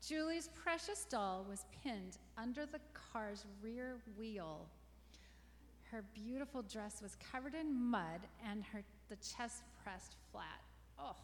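A woman reading a children's story aloud, gently stopping to ask the young listeners questions. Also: a little high. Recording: long reverberant room echo.

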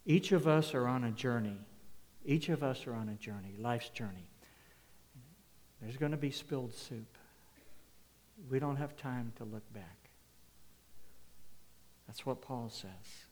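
A man preaching a sermon, emphatic, swinging between loud declarations and hushed asides. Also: medium pitch, a little slow, pauses often. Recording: long hall reverb.

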